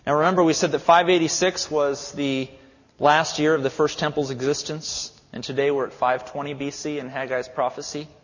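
Male pastor, emphatic sermon delivery, slightly raised pitch; lo-fi, reverberant sanctuary. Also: steady tone, normal speed. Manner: emphatic, repetitive preaching cadence. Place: church sanctuary. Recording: echoey hall, dull lo-fi sound.

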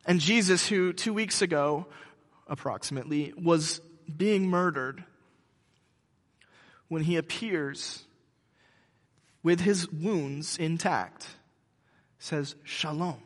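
A male pastor giving a conversational sermon, halting with frequent restarts. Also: fairly high pitch, big-room sound.

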